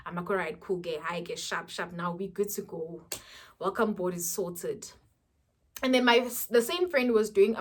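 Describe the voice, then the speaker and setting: A young South African woman telling a lively storytime vlog, mixing in local words. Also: medium pitch. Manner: animated storytelling, mixing in Zulu words, with laughs. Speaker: YouTuber.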